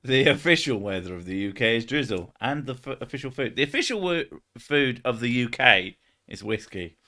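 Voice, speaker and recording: A man's voice: medium pitch, lively intonation, moderate pace, bright, forceful tone. A young man hosting a casual stream chat, joking, swearing often and laughing between jokes. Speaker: streamer host.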